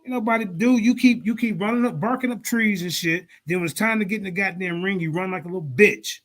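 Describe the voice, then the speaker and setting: A man's voice: sits high, a bit bright. A man hosting a livestream debate show, ranting in a profane, confrontational way. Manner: profane, confrontational, fast-talking. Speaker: show host. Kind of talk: heated livestream rant.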